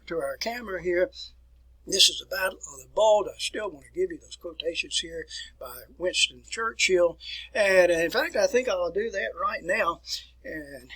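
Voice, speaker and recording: A man's voice: sits high, bright, forceful tone, slightly rough, rough recording. A middle-aged man teaching a recorded history lecture, folksy and digressive, talking to his students as folks.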